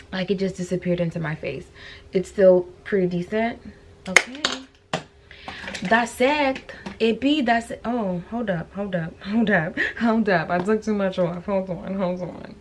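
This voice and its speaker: Woman vlogger, casual gushing chatter to viewers, mid pitch, echoey room with faint background hum. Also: unhurried. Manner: chatty, gushing, addresses viewers as you guys. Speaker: lifestyle vlogger. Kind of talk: casual chat to camera. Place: bedroom at home. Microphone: camera on the floor at eye level.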